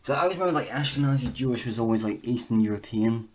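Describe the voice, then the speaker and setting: In a casual vlog, a man with a mid-range voice talks to camera as he reads results off the screen. His speech wanders and stalls, with frequent fillers and restarts.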